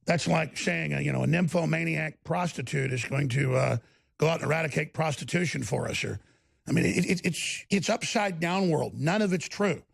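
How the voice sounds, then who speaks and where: Texan male host, sarcastic rant, raspy and gravelly. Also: a little high, normal speed. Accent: Texas. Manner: sarcastic, scornful. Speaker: political commentary host. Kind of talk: ranting commentary.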